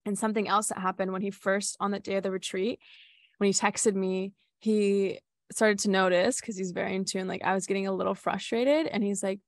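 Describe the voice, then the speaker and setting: A woman's voice: mid-range voice, fairly even intonation, brisk, no echo, clean studio sound. A young woman who leads retreats, telling a personal story in a candid, casual way, full of "like" and casual swearing. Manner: candid, filler-heavy with frequent "like", swears casually. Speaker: retreat facilitator.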